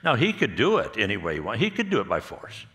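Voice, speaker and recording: A man preaching at a marriage conference, telling stories in a rambling, halting way and often laughing. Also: on the low side, wildly swooping pitch, fairly bright tone, in a large hall. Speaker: pastor speaking at a marriage conference. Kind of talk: conversational sermon with storytelling. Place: church hall.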